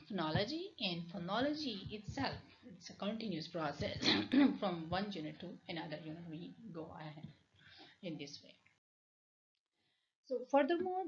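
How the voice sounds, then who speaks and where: A woman's voice: medium pitch, lo-fi sound, a little hiss or hum. A woman university lecturer with a Pakistani English accent, giving a recorded linguistics lecture and often repeating and rephrasing herself with fillers.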